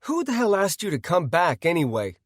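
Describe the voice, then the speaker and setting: A man voicing an indignant, sharp-tongued young woman in an audiobook. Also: sits high, big pitch swings, brisk, dry recording, clean studio sound, pitched above the performer's own voice. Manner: indignant, accusing.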